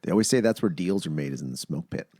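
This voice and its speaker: A man hosting a casual podcast, telling stories with lively, acted-out quotes. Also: deep voice, fast talker, dry recording, studio quality. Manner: animated storyteller, acts out quoted voices. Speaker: podcast host.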